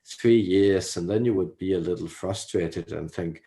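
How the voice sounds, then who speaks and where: A fatherly alien sage, as a man channels it, speaking slowly and soothingly in a put-on accent that is meant to sound Irish. The voice sits low, and it keeps stopping on gentle "well"s between phrases. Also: creaky. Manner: slow, pausing, many "well"s. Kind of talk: channeled spiritual message.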